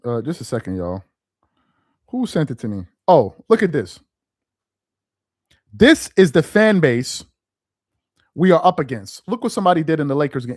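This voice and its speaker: A man hosting a sports rant show, mocking and exasperated, firing off rhetorical questions, tripping over repeated words and rising into shouts. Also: mid-range voice, animated, moderate pace, long pauses, dry recording, clean studio sound. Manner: stumbles and repeats words when worked up; rises into shouts. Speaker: sports commentator host.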